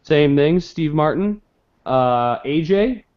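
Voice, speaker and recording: A man's voice: fairly high pitch, lively intonation, slow, smooth, lo-fi sound. A man hosting a casual live game show, joking and keeping score as he calls on each player.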